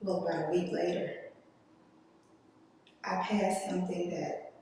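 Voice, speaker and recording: A woman giving an earnest, emotional personal testimony to a conference audience, speaking slowly with long pauses. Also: on the low side, level tone, warm tone, slight background noise. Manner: slow, deliberate delivery with long pauses. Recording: echoey hall, distant mic.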